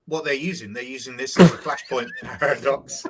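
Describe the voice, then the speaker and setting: A man's voice: mid-range voice, a little fast. A man chatting on a live stream, mostly chiming in with short remarks. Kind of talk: casual live-stream chat. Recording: loud background noise.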